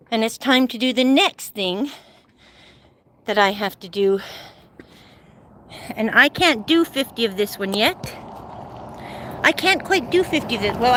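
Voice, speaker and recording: Out of breath as she walks and exercises outdoors, a middle-aged woman from Utah livestreams, rambling chattily into her phone and laughing often. She has a mid-range, fairly bright voice.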